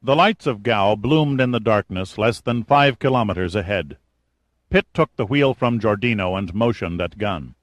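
A man reading an audiobook's narration in an even, measured way. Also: fairly low pitch, no room sound.

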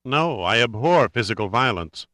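A man voicing a terrified man who pleads frantically in a high, near-screeching voice. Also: animated, moderate pace, pushed and bright, dry recording. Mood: pleading. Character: man feigning panicked, shrieking terror.

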